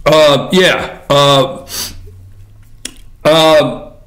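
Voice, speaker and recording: A man hosting a show, delivering a combative political commentary monologue that swings between shouting and muttering. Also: on the high side, very slow, long pauses. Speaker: host.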